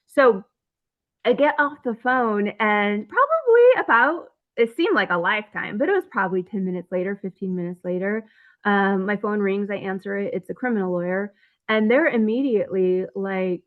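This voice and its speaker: A woman's voice: medium pitch, normal speed. Woman retelling events over phone-line audio. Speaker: interview guest. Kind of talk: telling her own story in a podcast interview.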